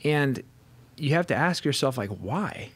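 A man's voice: a little high, a little fast, slight background noise. A man in his thirties co-hosting a casual faith podcast, an eager storyteller who goes off on tangents. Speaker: co-host.

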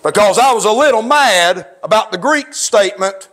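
Fervent high-voiced preacher man. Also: expressive, moderate pace. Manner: plainspoken, fervent, swings from low talk to raised shouts. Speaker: pastor. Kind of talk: sermon. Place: church.

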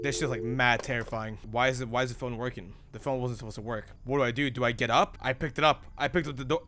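A young man streaming a horror game, swearing and yelling at jump scares in casual commentary. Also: mid-range voice, fairly even intonation, fast talker, slight background noise. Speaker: gaming streamer.

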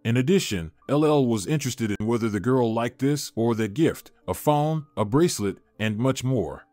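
A man narrating a story with a lively, rising and falling pitch. The sound is dry and close to the mic, and soft music runs underneath. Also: moderate pace, dry recording. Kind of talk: scripted narration.

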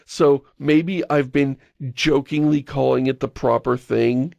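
A man's voice: medium pitch, takes it slowly, creaky, darkish tone, no echo, highs cut off. A man co-hosting a podcast in casual chat, rambling and wry, with an exasperated edge. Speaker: podcast co-host.

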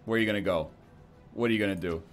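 A man's voice: on the low side, very fast, over music. A man joking and thinking aloud as he plays a strategy game, giving casual gameplay commentary. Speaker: gaming streamer.

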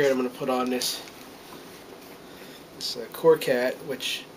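A man's voice: medium pitch, steady tone, unhurried, slight background noise, poor audio. A middle-aged man from the United States talking to a handheld camera in a casual, earnest monologue, rambling with many fillers and restarts and getting a little choked up. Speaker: vlogger.

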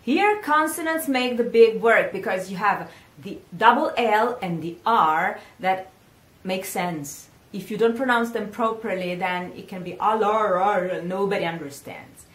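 A woman with an Italian accent, a singing teacher, giving a patient pronunciation lesson and repeating words slowly. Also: mid-range voice, fairly bright tone. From Italy. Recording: echoey room.

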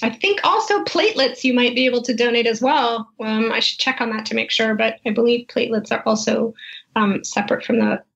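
Animated woman telling a story, muffled audio. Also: a little high, a little fast, vocal fry. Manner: animated storyteller, laughs often, acts out quoted lines. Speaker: guest, wine tasting business founder. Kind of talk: casual storytelling interview.

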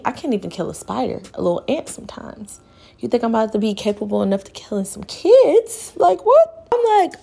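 A woman's voice: a little high, vocal fry, darkish tone, slightly rough. A young woman vlogger chatting casually to viewers while cooking in her home kitchen, telling a story and laughing often.

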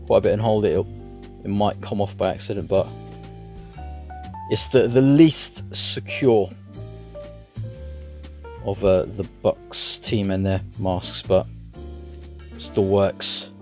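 Low-voiced man reviewing a toy. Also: takes it slowly, long pauses, faint music behind. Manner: relaxed, rambling, hesitant fillers. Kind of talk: casual product review.

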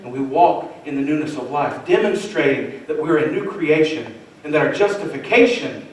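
Earnest preacher in a very echoey church. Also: male voice, a little high, lively intonation, normal speed. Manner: earnest, rising to fervent emphasis, rhetorical asides. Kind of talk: sermon. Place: church sanctuary. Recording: very echoey church hall, distant mic.

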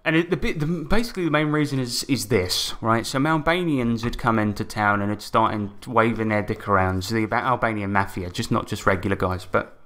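A man's voice: fairly low pitch, fairly quick, hardly any pauses, fairly bright tone. Laid-back man recapping a tabletop game. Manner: laid-back, swears casually, chuckles mid-sentence. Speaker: game master and podcast host. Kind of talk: casual podcast chat, recapping a tabletop campaign.

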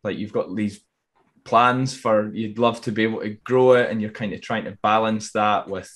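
A man's voice: on the low side, steady tone, normal speed, fairly bright tone. A man hosting a podcast, asking questions casually and repeating words as he restarts. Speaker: podcast host.

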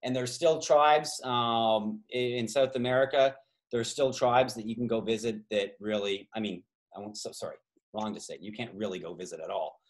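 On a video call, a man from Canada hosts travel trivia, drawing on his work as a tour guide and trivia host. His lowish voice moves at a moderate pace while he rambles into side stories with lots of fillers.

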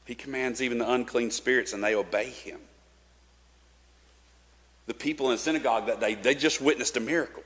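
A man's voice: medium pitch, brisk, long pauses, fairly bright tone. A man preaching a sermon in a casual, conversational way, with fillers and restarts. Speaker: pastor. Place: church sanctuary. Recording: long church reverb.

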